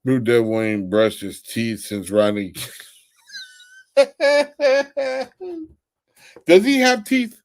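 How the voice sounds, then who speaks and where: A man's voice: lowish voice, huge pitch swings, measured pace. A tired young man hosting a casual live stream. He mocks someone crudely, laughs often and reads viewer comments aloud. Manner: crude, mocking trash talk, often laughing. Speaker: livestream host. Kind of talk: casual livestream chat.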